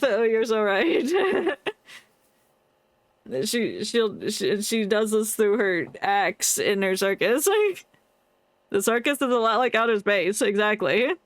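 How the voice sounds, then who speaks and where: A woman's voice: a little high, no room sound. A woman streaming a game, chatting and reacting playfully with frequent giggles. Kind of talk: casual game commentary.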